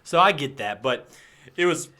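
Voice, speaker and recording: A man's voice: on the high side, animated, normal speed, bright, forceful tone. Enthusiastic man swearing through game talk. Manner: enthusiastic, swearing, hums tunes and acts out quotes. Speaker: podcast co-host. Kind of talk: casual gaming podcast chat.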